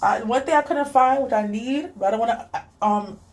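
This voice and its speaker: A woman's voice: a little high, normal speed. A young woman vlogging casually while she cleans, rambling and chatty, talking to a child off camera and reading comments aloud.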